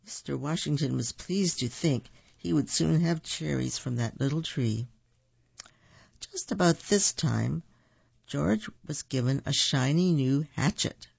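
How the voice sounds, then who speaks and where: A man's voice: on the high side, lively intonation, measured pace, creaky, a little mellow, slightly rough, no echo, dull audio. A man reading children's stories and folk tales aloud, in an unpolished way, stopping to correct his own slips. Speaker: storyteller.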